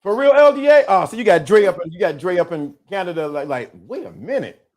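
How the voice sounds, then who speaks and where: A man hosts a casual livestream and talks straight to his chat. He teases and laughs often. His voice sits a little high for a man. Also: quick pace. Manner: animated, teasing, laughs often. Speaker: livestream host. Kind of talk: casual live-stream chat.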